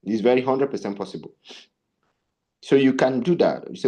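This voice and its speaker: A man teaching a tech sales bootcamp speaks in a mid-range voice at a moderate pace, with long pauses. He's animated, telling stories and asking rhetorical questions throughout.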